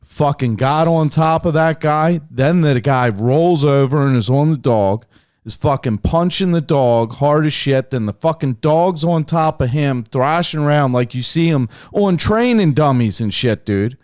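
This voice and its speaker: A young man telling a hunting story casually on a podcast, animated and heavily profane. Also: on the high side, a little slow, clear, resonant tone, no echo, clean studio sound. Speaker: podcast guest, hunter.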